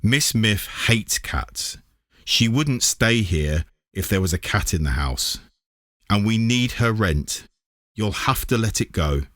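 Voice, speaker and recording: A man's voice: animated, takes it slowly, fairly bright tone, dry recording, clean studio sound. A man reading a children's story, voicing a stern, practical aunt in a raised, firm voice. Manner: high, firm calling voice.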